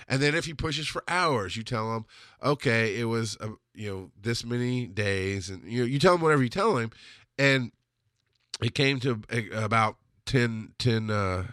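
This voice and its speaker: A man hosts a podcast and tells a story straight into a close mic. His voice is bright and forceful, and the sound is dry with no room around it. He talks casually, with sudden jumps in pitch when he stresses a point. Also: moderate pace, dry recording. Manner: animated, jumps up in pitch for emphasis and quoted speech. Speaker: podcast host.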